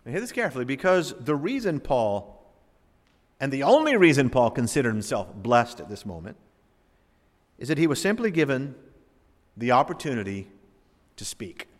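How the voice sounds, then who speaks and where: A man preaching a sermon, reading scripture aloud and explaining it dramatically, swinging between loud emphasis and hushed asides. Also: mid-range voice, very animated, moderate pace, pauses often. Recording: long reverb of a large hall.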